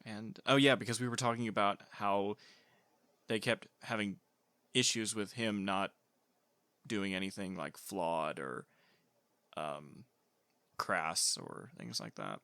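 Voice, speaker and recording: Bright-voiced man co-hosting a podcast. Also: on the low side, slow pace, gravelly, long pauses, no room sound. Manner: chatty, laughs often, trails off with fillers. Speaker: podcast co-host. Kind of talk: casual chat.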